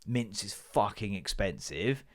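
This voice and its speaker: A man hosting a podcast, telling a story as an animated, exasperated comedic rant and swearing freely. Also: fairly low pitch, measured pace. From Britain. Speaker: podcast host.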